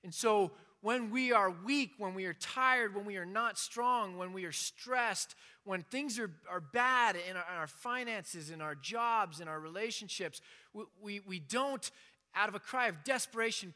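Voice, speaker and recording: A man's voice: high voice, a little slow, sharp tone. A man giving an informal sermon with passion, acting out the prayers he quotes. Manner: impassioned, acts out quoted prayers. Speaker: preacher.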